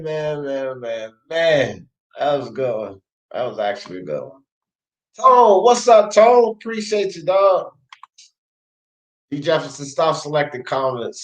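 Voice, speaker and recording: On a live boxing stream, a male sports talk host with a voice on the high side reads viewers' chat comments aloud. His manner is loose and slangy, and he laughs often. The audio is poor.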